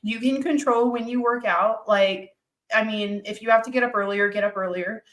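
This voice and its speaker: A woman's voice: fairly high pitch, moderate pace, fairly bright tone. A woman hosting a podcast who also coaches clients, talking frankly and emphatically with lots of "like". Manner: emphatic, frank, uses many "like"s. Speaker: podcast host; fitness coach. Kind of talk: casual podcast conversation.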